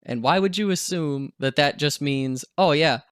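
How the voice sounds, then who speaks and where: A man's voice: on the high side, moderate pace, clean tone, no room sound, studio quality, lightly acted. A man doing his blunt, exasperated dad. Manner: blunt, deadpan. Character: exasperated, dry-humored dad.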